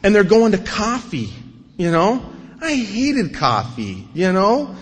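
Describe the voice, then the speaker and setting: A man speaking at a recovery meeting, telling his own story with wry, animated humor and acting out the scenes. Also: high voice, takes it slowly, slight background noise. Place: large meeting hall before an audience. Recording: long hall reverb.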